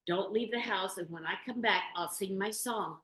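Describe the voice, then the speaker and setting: A woman voicing a caring mother nanny goat, with gentle, sing-song warnings. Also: mid-range voice, normal speed, lightly acted. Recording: roomy meeting-room recording.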